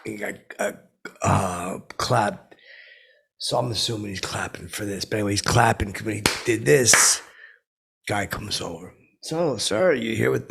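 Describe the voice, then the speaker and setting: A man doing a gravelly belligerent washed-up blowhard. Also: fairly low pitch, a bit bright, exaggerated voice. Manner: rambling, halting, full of fillers and restarts. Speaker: podcast host in character. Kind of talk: in-character comedy podcast monologue.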